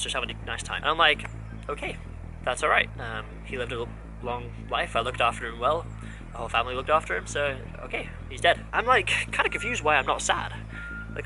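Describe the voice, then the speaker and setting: A man's voice: medium pitch, bright, forceful tone, low-quality recording. A man in his twenties telling a rambling, candid story in a casual vlog. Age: 20s. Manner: rambling, candid, rant-prone. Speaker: vlogger.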